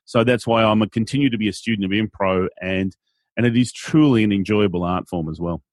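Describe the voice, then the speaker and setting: A man's voice: fairly low pitch, a little fast, no room sound, studio quality. An Australian man, an event MC, talking animatedly and playfully in an interview. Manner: animated, playful, acts out quotes in silly voices. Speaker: guest, event MC. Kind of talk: conversational interview.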